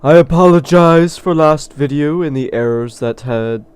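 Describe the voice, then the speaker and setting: A man voicing a mock-formal greeter in a deliberately bad put-on accent. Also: a little high, darkish tone, clear, resonant tone, pitched above the performer's own voice, lightly acted. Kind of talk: gaming commentary.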